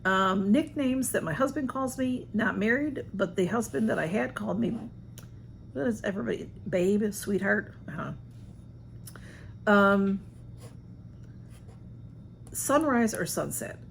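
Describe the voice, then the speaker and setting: A woman's voice: mid-range voice, lively intonation, measured pace, creaky, pauses often, slight background noise. A woman chatting casually at home, answering a list of personal questions in a rambling, self-deprecating way. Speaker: vlogger.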